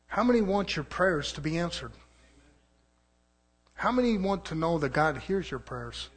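A man preaching a fervent sermon, swinging from loud, rising shouts to low, quiet stretches. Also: big pitch swings, measured pace.

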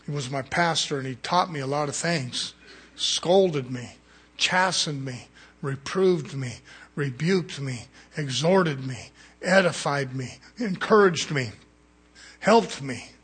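A man preaching a fiery sermon, swinging from quiet asides to shouted peaks. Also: fairly high pitch, slow, husky.

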